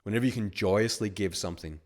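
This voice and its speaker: A man's voice: on the low side, fast talker, darkish tone. A man hosting a webinar as a money-mindset coach, talking casually in a rambling, filler-heavy way and acting out little scenarios.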